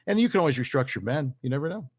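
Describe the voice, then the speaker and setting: A man co-hosting a casual sports chat, upbeat and quick to laugh. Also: a little high, expressive, a little mellow. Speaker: podcast co-host.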